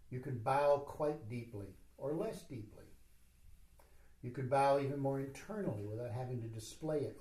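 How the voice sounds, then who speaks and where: A man giving a slow, measured teaching talk at a retreat, with soft asides to his listeners. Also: medium pitch, echoey room. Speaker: spiritual teacher. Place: retreat hall.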